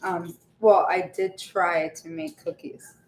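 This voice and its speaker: A woman's voice: lowish voice, steady tone, slow pace, slight background noise. A woman chatting casually to her livestream viewers while she bakes at home, laughing often and trailing off with fillers. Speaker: vlogger baking on a livestream. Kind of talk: casual chat while baking. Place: home kitchen. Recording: echoey kitchen with faint ambience.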